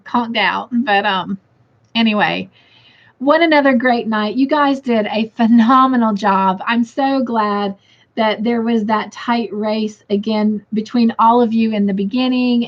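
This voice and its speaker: A woman hosting a casual livestream, chatting and reading viewer comments aloud while in pain and tired. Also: on the high side. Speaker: crochet livestream host. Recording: dull lo-fi stream audio.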